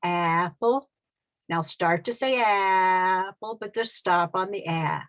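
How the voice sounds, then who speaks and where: A woman leads a pronunciation lesson, speaking slowly and deliberately. She is patient and repeats each vowel sound and word so the learner can copy her. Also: medium pitch, fairly bright tone. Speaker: literacy teacher.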